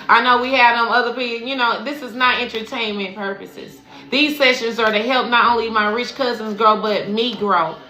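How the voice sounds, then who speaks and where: A woman's voice: fairly high pitch, sharp tone. A woman spiritual coach giving a casual, profane livestream tarot reading, preaching and calling her listeners baby. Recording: echoey room with faint music.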